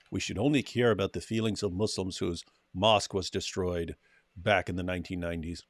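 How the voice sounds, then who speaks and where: A man's voice: on the low side, brisk, fairly bright tone, dry recording, studio quality. A man reading a news article aloud and breaking in with sarcastic commentary, mocking the text as he goes. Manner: mocking, reads quotes aloud then interjects.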